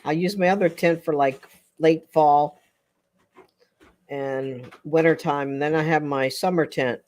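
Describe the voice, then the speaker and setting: A woman's voice: deep voice, unhurried, darkish tone. An older woman hosting a casual livestream chat with viewers, chatty and rambling, often breaking into laughter. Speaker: livestream host.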